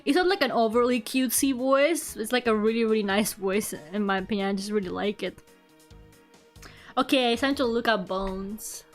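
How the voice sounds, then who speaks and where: A woman's voice: a little high, normal speed, faint music behind. A woman streamer chatting casually while she draws, rambling with lots of "like" and frequent giggles. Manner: rambling, heavy use of "like", giggly. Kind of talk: casual chat while drawing.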